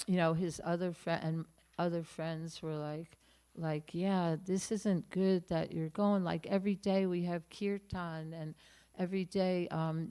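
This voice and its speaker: A woman giving a morning temple class, telling a devotional story with many pauses, fillers and restarts. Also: fairly low pitch, mellow, clear, resonant tone. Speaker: class speaker. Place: temple room.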